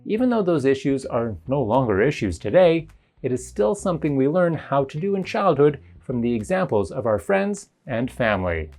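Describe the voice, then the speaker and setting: A teacher reading a scripted narration that explains pronunciation in an even, explanatory way. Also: mid-range voice, normal speed, soft background music. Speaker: English teacher.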